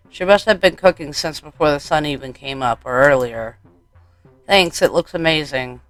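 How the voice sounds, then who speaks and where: Brief: male let's-player narrating a story game, light higher voice, smooth, dry close mic, soft music under. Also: normal speed, dry recording. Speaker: let's play gamer. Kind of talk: reading a horror game aloud.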